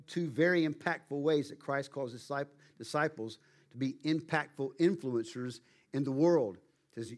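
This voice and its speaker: A man preaching a sermon as pastor, speaking emphatically and slowing down to stress key words. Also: mid-range voice.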